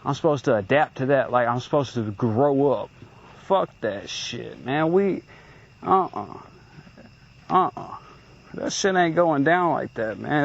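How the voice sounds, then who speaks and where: A man's voice: medium pitch, expressive, measured pace, gravelly, dull audio. Agitated, profane man venting outdoors. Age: late 20s. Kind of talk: venting monologue recording.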